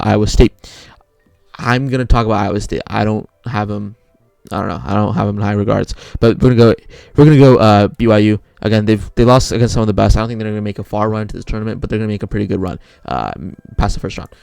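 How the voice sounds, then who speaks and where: Fast, gravelly young man rambling picks. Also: lowish voice, darkish tone, no echo. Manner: rambling, self-correcting, restarts often. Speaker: sports video creator. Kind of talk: casual bracket picks talk.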